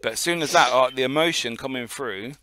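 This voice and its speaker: A man's voice: medium pitch, a little fast, sharp tone, no room sound. A man co-hosting a casual podcast, telling a long story in a rambling way and swearing often. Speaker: podcast co-host.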